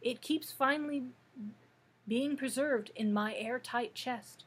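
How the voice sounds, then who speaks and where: A woman reading aloud and voicing a gentle, polite tin man full of gratitude. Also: sits high, slow, slightly rough, full character voice. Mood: grateful. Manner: polite and warmly grateful. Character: kind tin man with a loving heart.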